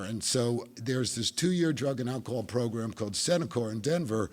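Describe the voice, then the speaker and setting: A man's voice: mid-range voice, animated, moderate pace. A middle-aged man from New Jersey with a New Jersey accent, telling his recovery story at a meeting with wry, self-mocking humor. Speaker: speaker sharing recovery story.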